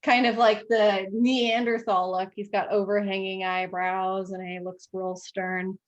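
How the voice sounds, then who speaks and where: A woman narrating a tabletop game as game master, relaxed and chatty, with frequent ums. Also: medium pitch, measured pace, dull audio.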